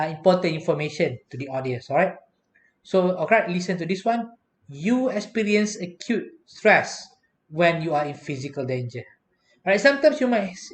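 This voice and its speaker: Male lecturer, slightly high voice, echoey room, patient filler-heavy delivery. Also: darkish tone. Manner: frequent "all right" fillers, patient explaining. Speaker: university lecturer. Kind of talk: recorded English lecture.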